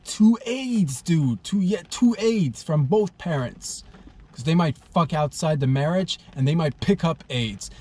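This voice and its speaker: Young male comedy podcast host, solo, crude and rambling, mid-pitched voice. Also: darkish tone. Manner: crude, rambling, loses his train of thought.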